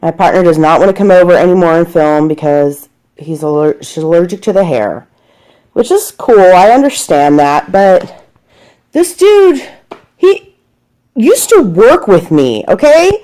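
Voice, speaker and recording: A woman's voice: fairly low pitch, sing-song, a little slow, mellow. A woman who works as a dog groomer, chatting casually in a home vlog, rambling and talking to her dog, sometimes dropping to a whisper.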